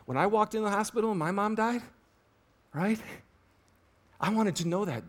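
Pastor, male, higher-pitched voice, animated sermon delivery that swings from loud emphasis to near-hushed lines. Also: normal speed. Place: church auditorium with a congregation.

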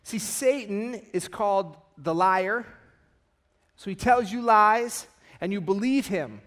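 A man's voice: high-pitched, takes it slowly. A man pastor preaching a sermon, telling stories and acting out the voices in them. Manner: animated storytelling, acts out quoted voices.

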